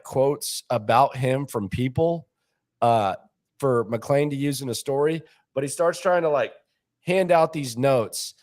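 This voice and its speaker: Animated man telling a story. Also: mid-range voice. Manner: animated, mimics people he quotes, repeats words for laughs. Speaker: sports show host. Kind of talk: casual storytelling.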